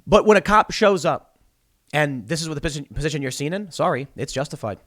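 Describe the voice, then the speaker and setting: A man hosting a solo political commentary show, sarcastic and heated, mocking the people he quotes in high voices. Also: expressive, quick pace, a bit bright.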